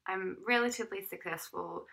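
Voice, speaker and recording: A woman in her thirties co-hosts a casual chat, frankly telling a personal story in a lively, animated way. Her mid-range voice is creaky and moves a little fast, and the audio quality is poor.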